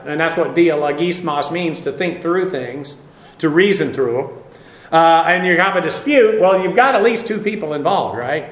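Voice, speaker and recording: A man's voice: a little high, fairly bright tone, echoey room. A man preaching a verse-by-verse Bible lesson, talking conversationally with many fillers and repeats, spelling out Greek words. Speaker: pastor. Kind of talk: expository Bible teaching.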